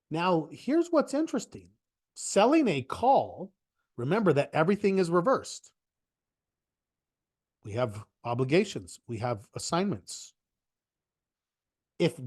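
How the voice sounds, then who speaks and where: A man teaches options trading in a relaxed live online class, trading quips and wandering into asides. His voice sits slightly high for a man, and he keeps a chatty, good-humored rhythm throughout. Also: husky. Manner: joking, chatty, rambling asides.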